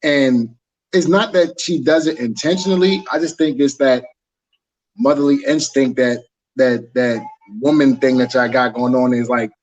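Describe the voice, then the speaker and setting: Relaxed man, slightly muffled recording. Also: medium pitch, normal speed. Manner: relaxed, conversational, explaining with humor. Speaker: podcast co-host. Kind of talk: casual group chat.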